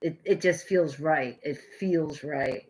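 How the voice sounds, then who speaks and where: On the poor-quality audio, a young American woman speaks slowly in a deep voice as she paints at home and chats with her live viewers. She rambles and pokes fun at herself, alternating between loud bursts and muttering.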